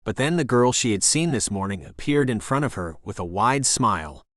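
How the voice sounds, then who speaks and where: A man narrating a romance audiobook in an expressive, animated reading voice, close to a studio mic. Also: medium pitch, normal speed, no echo. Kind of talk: scripted narration.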